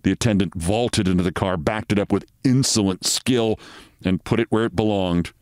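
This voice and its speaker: Low-voiced man reading a story aloud. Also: no room sound, studio quality. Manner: measured, expressive. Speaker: host.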